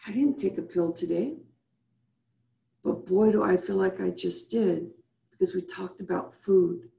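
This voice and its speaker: A woman's voice: medium pitch, a little slow, vocal fry, dark tone, roomy sound. A woman hosting a live video-call show as a business coach, leading listeners through breathing and asking repeated rhetorical questions. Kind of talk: motivational show wrap-up with guided breathing.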